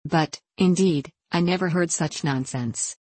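A woman's voice: lowish voice, a little slow, darkish tone, husky, no echo. A woman voicing an outspoken young country cook with homely speech in a storybook reading. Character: plain, bold young country girl, a cook.

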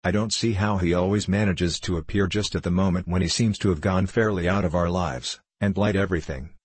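A man reading the lines of an anxious, reproachful wife in his own low voice. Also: steady tone, a little fast, husky, dry recording. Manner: pleading, tearful.

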